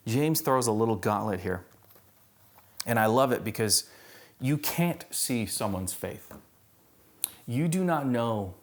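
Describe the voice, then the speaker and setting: Lebhafter Prediger, Mann, Gemeindegottesdienst. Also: male voice, lowish voice. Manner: conversational, animated preaching with humor. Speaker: pastor. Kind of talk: sermon.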